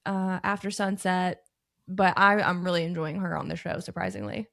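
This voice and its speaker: A woman co-hosting a laid-back podcast, talking candidly and poking fun at herself. Her voice has a gravelly fry, and she lets out easy laughs between thoughts. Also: lowish voice, steady tone, normal speed, fairly bright tone. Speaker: podcast co-host. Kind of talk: casual chat.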